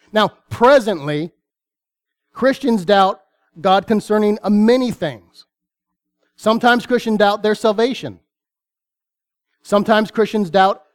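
A man preaching a sermon, reading scripture aloud with earnest, deliberate pauses. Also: high voice.

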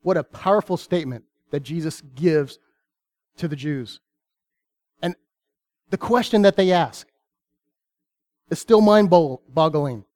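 A man preaching a sermon, reading scripture aloud with earnest, deliberate pauses. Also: on the high side, darkish tone.

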